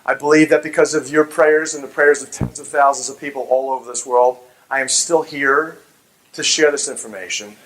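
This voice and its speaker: A middle-aged man gives a fervent religious talk in public, speaking briskly in a mid-range voice on a low-quality recording. He tells a story with animation, acting out the voices of the people in it.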